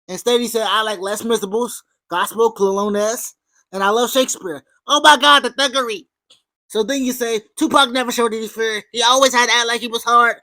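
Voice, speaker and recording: A woman's voice: medium pitch, a bit bright, dry recording. A woman hosting an opinionated commentary video, talking with sarcasm and sudden emphatic outbursts. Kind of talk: opinionated commentary over clips.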